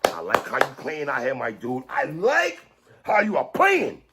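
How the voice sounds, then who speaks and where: A man doing an over-the-top impression of a gruff male wrestler, with a loud, hammy, growling drawl. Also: medium pitch, wildly swooping pitch, unhurried. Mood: hyped. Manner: loud, hammy, bellowing praise. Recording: noisy replayed stream clip.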